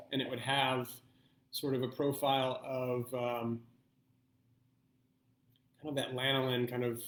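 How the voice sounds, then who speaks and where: A man hosting a live online blind wine tasting, thinking aloud in an unhurried way and pausing often to weigh his options. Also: medium pitch, fairly bright tone, echoey room. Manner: thoughtful, thinking aloud with pauses.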